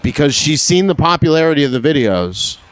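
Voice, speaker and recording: A young male stand-up comedian works a live stage, brash and profane, bantering with the crowd and laughing at his own jokes. His voice is fairly high and sing-song, his delivery a little quick, with slight background noise.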